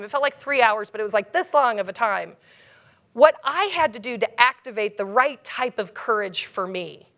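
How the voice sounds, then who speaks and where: A woman keynote speaker with a high, bright voice, telling a comic personal story with lots of energy. Her delivery is animated and self-mocking. Her pitch jumps around a lot.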